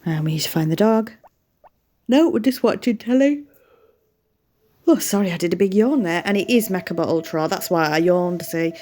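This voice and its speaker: A woman's voice: fairly low pitch, fast, few pauses, darkish tone, slight background noise. Chatty British woman narrating gameplay. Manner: chatty, self-mocking, laughs often. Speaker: gaming channel host. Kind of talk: casual let's-play commentary.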